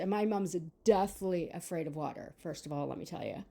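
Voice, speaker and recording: A woman's voice: fairly low pitch, brisk, creaky, hardly any pauses, warm tone. A woman in her sixties telling a personal story in a chatty, rambling way with many fillers. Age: 60s. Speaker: vlogger. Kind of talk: casual storytelling monologue.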